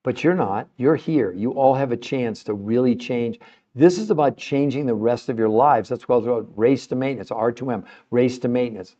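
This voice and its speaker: A man's voice: medium pitch, normal speed, warm tone, highs cut off. A man hosting a live-streamed podcast, passionate and emotional as he talks straight to his viewers and asks them questions. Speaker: podcast host.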